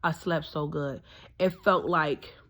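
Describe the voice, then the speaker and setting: A woman's voice: sits low, steady tone, slow pace, a bit bright. A woman in her thirties telling a personal story in a casual, rambling way, full of fillers and emphatic asides. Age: 30s.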